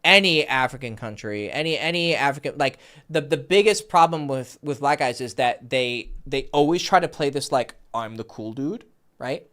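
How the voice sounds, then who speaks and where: A man's voice: medium pitch, normal speed, hardly any pauses. A man hosting a dating advice Q&A as a coach, talking casually with lots of swearing and acted-out dialogue. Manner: animated, profane, acts out quoted dialogue.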